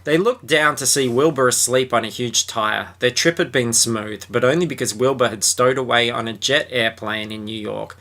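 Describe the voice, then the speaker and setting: A man's voice: medium pitch, normal speed, few pauses, fairly bright tone. A man from Australia with an Australian accent, hosting a podcast, reading a book aloud and chatting in a sweary, sarcastic way. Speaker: podcast host. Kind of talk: casual chat and reading aloud.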